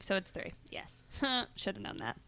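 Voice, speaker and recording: A woman's voice: medium pitch, very animated, moderate pace, creaky, pushed and bright, no echo. A young woman co-hosting a podcast, chatting casually, giggling and rambling with many restarts. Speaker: podcast co-host. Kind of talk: casual chat.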